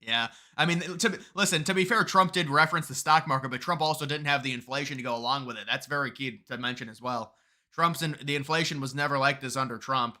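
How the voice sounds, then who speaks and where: Bright-voiced, heated male live streamer. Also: medium pitch, fast. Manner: argumentative, gets heated and emphatic; restarts and repeats words often. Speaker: live streamer reading viewer chat. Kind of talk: political live-stream commentary.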